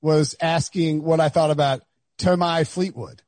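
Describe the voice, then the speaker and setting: A man co-hosting a podcast, rambling through casual banter with frequent laughs and quick asides. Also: on the high side, steady tone, a little mellow, no room sound. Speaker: podcast co-host.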